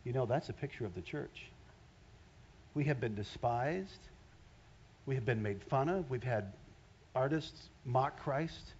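A man preaching a sermon as a pastor, animated, swinging between loud exclamations and hushed asides. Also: medium pitch, measured pace, pauses often, highs cut off, a little hiss or hum.

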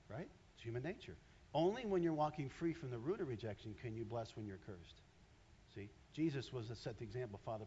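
In a church, a man with a mid-range voice preaches a sermon, animated and speaking directly to his congregation to draw them in. The recording is lo-fi, with slight background noise.

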